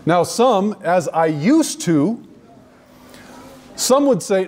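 A man with a high, sing-song voice and a darkish tone gives a sermon before a live crowd. He speaks emphatically to his listeners, drawing out key words by slowing his pace.

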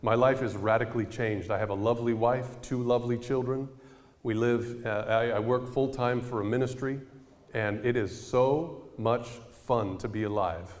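A man preaching a storytelling sermon in a conversational, animated way, often tossing questions to the congregation. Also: medium pitch, normal speed, in a large hall.

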